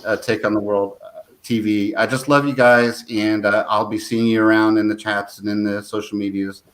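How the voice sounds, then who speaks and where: A man hosting a talk show, speaking in a halting, easygoing way with many fillers. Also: fairly low pitch, level tone, a bit bright, poor audio. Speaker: host. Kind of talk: casual chat.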